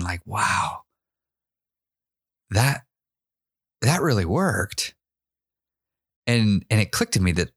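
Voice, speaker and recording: A man with a fairly low voice tells his own story as a podcast host. He talks in a candid, halting way, restarting sentences and repeating words, and now and then laughs at himself. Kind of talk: personal storytelling monologue.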